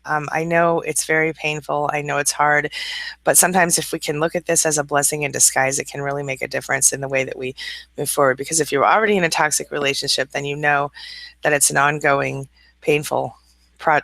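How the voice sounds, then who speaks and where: A woman's voice: sits low, little pitch movement, a little fast, creaky, a bit bright, no room sound. A woman hosting a casual live-stream hangout, greeting viewers by name and reading their comments aloud. She says she is a little tired this morning. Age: adult with school-age children.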